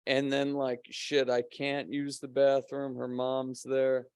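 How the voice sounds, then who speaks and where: A man's voice: medium pitch, monotone, takes it slowly, darkish tone, clear, resonant tone, no echo. A man telling a rambling story in casual podcast chat, swearing and laughing often. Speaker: podcast guest; co-host of a paranormal podcast.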